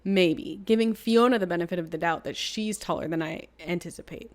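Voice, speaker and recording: A woman's voice: on the low side, fast. A woman gives casual let's-play commentary while she plays a story game. Her tone is wry and sarcastic, and she pokes holes in the script with incredulous asides. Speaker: streamer playing a story game.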